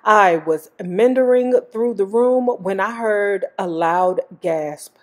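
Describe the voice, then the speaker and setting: A woman's voice: mid-range voice, takes it slowly, hardly any pauses. A woman host reading a memoir aloud, breaking off for blunt, joking commentary. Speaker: YouTube host.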